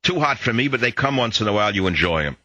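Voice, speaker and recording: A man's voice: on the low side, lively intonation, fast, bright, forceful tone, dry recording, dull audio. An older man hosting a political talk radio show, lecturing listeners in a combative monologue and telling jokes.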